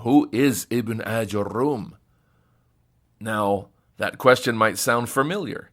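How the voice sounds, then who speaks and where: A man with a fairly low voice teaching grammar. He explains patiently and step by step, reading each Arabic phrase aloud and then translating it for his students. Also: animated, slow, sharp tone. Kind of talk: recorded grammar lesson.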